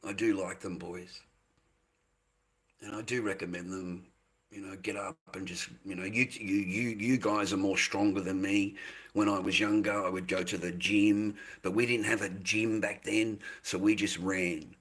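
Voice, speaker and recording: Older man, husky voice, rambling livestream chat, repeats himself. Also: sits low, steady tone, moderate pace, a bit bright. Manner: rambling, repeats himself, calls viewers mate and boys.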